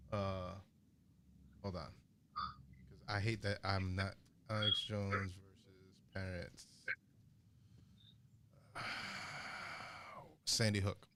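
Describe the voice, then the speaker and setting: A man's voice: low voice, slight background noise. A man co-hosting a podcast, telling rambling stories in casual chat with many restarts. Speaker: podcast co-host.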